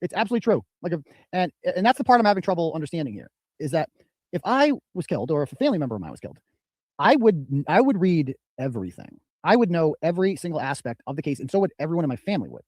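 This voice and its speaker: A man's voice: on the high side, sing-song, racing, a little mellow, no room sound. A man hosting a commentary show, talking in an indignant way. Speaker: host. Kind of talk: commentary reading messages.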